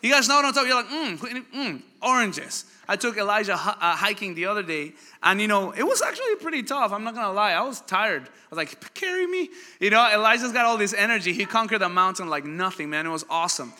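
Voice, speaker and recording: Animated male pastor in a reverberant hall. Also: high-pitched, quick pace, few pauses. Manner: animated storytelling, asks the crowd questions. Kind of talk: sermon. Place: church hall.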